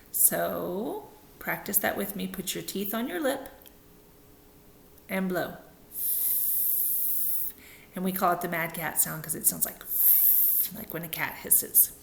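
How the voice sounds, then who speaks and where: A woman giving a speech therapy lesson to children, upbeat and slow, modeling each sound clearly. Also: mid-range voice, roomy sound, a little hiss or hum.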